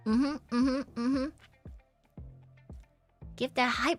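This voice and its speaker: A woman's voice: on the high side, animated, unhurried, a bit bright, soft background music. A woman streamer chatting casually during a game stream, playful and giggly, with lots of little mm-hmms and repeated yeses.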